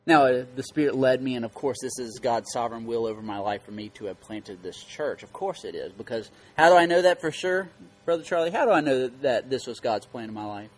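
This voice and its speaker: A man's voice: mid-range voice, animated, fairly quick. A man preaching as a pastor, teaching scripture emphatically, repeating key words and quizzing his listeners. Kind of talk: interactive Bible teaching.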